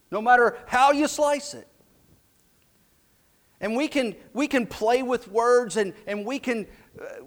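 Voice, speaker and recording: A man preaching a sermon as pastor, slow and emphatic, dropping his voice low and soft for key lines. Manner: slow, emphatic preaching with dramatic drops to a hush.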